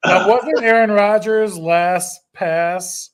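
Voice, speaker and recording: A man's voice: sits high, fairly even intonation, slow pace, clean tone. A man hosting a casual podcast chat, friendly, laughing often and tossing in short reactions. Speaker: podcast host.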